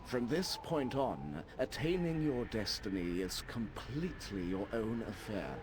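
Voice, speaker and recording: A solemn old wizard. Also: male voice, lowish voice, sing-song, noisy background. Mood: grave. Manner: solemn, measured and lecturing. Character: grave old male wizard, a Harper. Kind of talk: video game voice acting. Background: game music.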